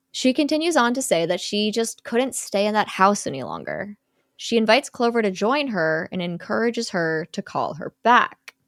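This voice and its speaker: A woman's voice: medium pitch, dry recording, clean studio sound. Chatty young woman recapping a film. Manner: chatty, many "like" fillers, quotes characters lightly. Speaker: podcast co-host recapping a film. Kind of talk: casual chat, retelling a movie plot.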